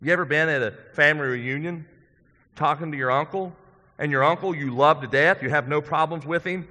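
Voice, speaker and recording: A male pastor preaching a sermon in a church, earnest and conversational, building to emphatic points and dropping to quiet ones. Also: fairly high pitch, brisk. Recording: long hall reverb.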